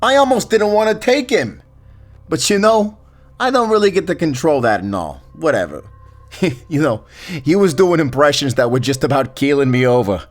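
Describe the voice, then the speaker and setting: Audio drama: a laid-back, wisecracking Grim Reaper, lively voice, music behind. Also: male voice, on the high side, moderate pace. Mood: amused. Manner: laid-back, chatty, crude and wry. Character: casual joking male Grim Reaper, Death. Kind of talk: audio role-play drama.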